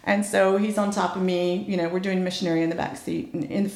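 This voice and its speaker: A woman tells a personal story in an open, blunt way, her voice gravelly with vocal fry. She acts out the quoted lines with sudden jumps in pitch. The room around her sounds echoey. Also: steady tone, brisk, a little mellow. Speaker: guest telling a personal story. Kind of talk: candid storytelling chat.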